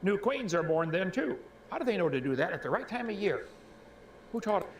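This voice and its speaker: A man reading out facts and asking folksy rhetorical questions, clearing his throat now and then, played back as a clip. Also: high voice, very animated, a little fast. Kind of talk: reading and commenting on a creationist video. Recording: echoey clip with faint ambient noise.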